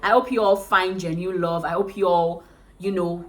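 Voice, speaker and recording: A woman's voice: fairly low pitch, fairly even intonation, moderate pace. A woman with a Nigerian accent vlogging to camera, consoling viewers in a frank, caring way and calling them sweetheart. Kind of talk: casual talk to camera.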